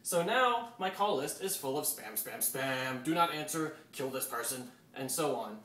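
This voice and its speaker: A man telling an embarrassing anecdote in a casual, animated way, acting out what he said. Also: medium pitch, normal speed, roomy sound, far from the mic. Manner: animated, acts out quotes. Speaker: storyteller on a talk show.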